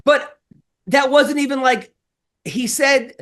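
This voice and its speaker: Guy with a high voice rambling and cursing on a podcast, jokey ad read too. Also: takes it slowly, a bit bright. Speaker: podcast co-host. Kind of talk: casual podcast chat with ad read.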